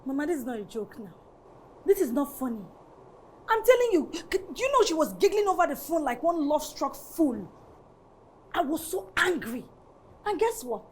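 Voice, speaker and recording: A woman's voice: high voice, sing-song, moderate pace, pauses often, a little hiss or hum. An actress playing a jealous, petulant young daughter with a Nigerian accent, complaining to her mother. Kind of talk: Nollywood film acting.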